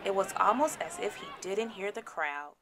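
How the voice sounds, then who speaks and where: A woman reading a children's picture book aloud in an expressive storytelling style, raising her voice for the crowd's chants. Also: mid-range voice, normal speed, noisy background. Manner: dramatic, shouts crowd chants.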